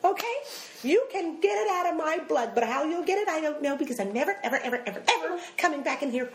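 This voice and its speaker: Lady doing her tiny mad mom, shrill, sing-songy, way up high. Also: animated, rapid-fire, dark tone. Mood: furious. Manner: shrill, indignant, breaks into sing-song. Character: tiny furious older mother, shrill. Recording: echoey room.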